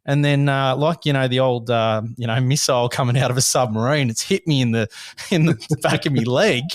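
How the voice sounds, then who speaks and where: An Australian man in his thirties hosts a casual podcast chat, his voice hoarse and rough from a recent illness. He spins an animated story and laughs through the telling. The sound is dry and close, with almost no room to it. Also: mid-range voice, no echo. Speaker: podcast host.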